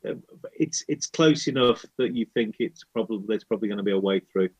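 A man's voice: on the low side, fast talker, breathy edge, low-quality recording. A man narrating as game master of a tabletop game, hesitant and full of ums.

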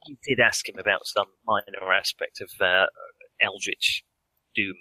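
A man narrating a tabletop game as game master, halting with frequent ums and restarts. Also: on the low side, steady tone, bright, forceful tone, dry recording, poor audio. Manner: hesitant, many ums and restarts.

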